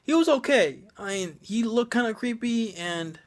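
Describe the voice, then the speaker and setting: A man's voice: high-pitched, animated, normal speed. Sarcastic, swearing man ranting. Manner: profane, sarcastic, rambling with many fillers. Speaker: movie reviewer. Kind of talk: ranting movie review.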